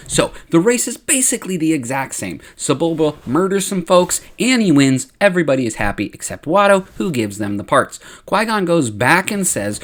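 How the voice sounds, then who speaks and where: A man narrating a comedic story recap, slipping into quick character voices as he goes. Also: medium pitch. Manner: lively, playful quoting of characters.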